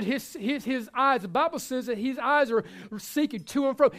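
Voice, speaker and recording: A man's voice: extremely high pitch, normal speed, few pauses. Impassioned male preacher. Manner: impassioned, swinging from loud exhortation to soft asides; repeats phrases for emphasis, jokes with the congregation. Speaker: pastor. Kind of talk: sermon.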